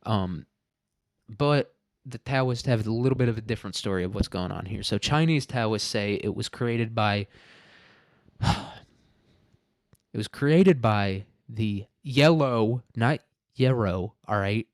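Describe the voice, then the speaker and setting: A man's voice: fairly low pitch, unhurried, long pauses, dry recording, studio quality. A man hosting a podcast, talking through his topic in a rambling, joking way and swearing freely. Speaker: podcast host. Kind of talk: casual podcast monologue.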